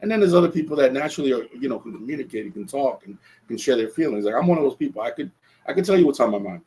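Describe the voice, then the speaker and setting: A man's voice: mid-range voice, expressive, racing, mellow, low-quality recording. A man hosting a solo podcast, talking earnestly and reflectively, often restarting his phrases. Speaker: podcast host.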